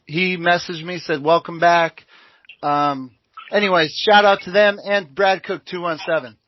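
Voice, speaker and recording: A man co-hosting a casual chat show, hesitant and halting, giving thanks and shout-outs. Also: high-pitched, steady tone. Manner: hesitant, many "uh" fillers, grateful. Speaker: co-host. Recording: muffled lo-fi audio.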